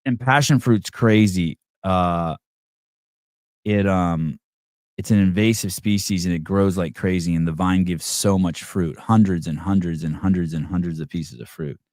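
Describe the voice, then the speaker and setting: Deep-voiced man rambling through a casual story. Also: measured pace, a little mellow, dry recording. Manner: rambling and conversational, swears casually, many fillers and restarts. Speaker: podcast host.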